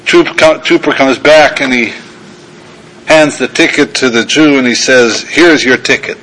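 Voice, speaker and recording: An older rabbi speaks unhurriedly in a mid-range, fairly bright voice, though the audio is poor. As a guest lecturer giving a sermon-style talk, he recounts an anecdote with self-deprecating humor and acts out its characters.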